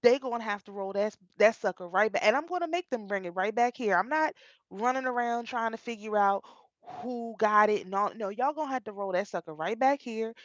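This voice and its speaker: A middle-aged woman vlogger telling a personal story in a casual, animated way, often repeating and restarting her phrases. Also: on the high side, fairly quick, dry recording. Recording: dull, dry lo-fi sound.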